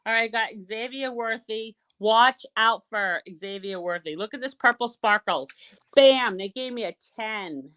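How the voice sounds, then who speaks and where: A woman from Boston with a Boston accent, chatting excitedly and casually as a guest on a live call-in show, swearing now and then. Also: on the high side, unhurried. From Boston, USA. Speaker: caller guest.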